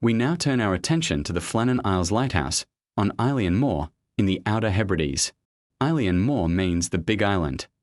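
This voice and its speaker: A man narrates a documentary script in a grave, measured way, pausing on rhetorical questions. His voice sits low but moves through a lively, wide pitch range. The recording is dry and close, with no room sound. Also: dry recording.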